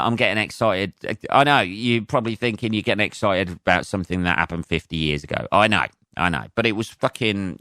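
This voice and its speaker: A man hosting a solo podcast as a comedian, rambling and excitable with plenty of swearing. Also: fairly low pitch, dry recording, clean studio sound. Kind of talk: casual solo podcast rant.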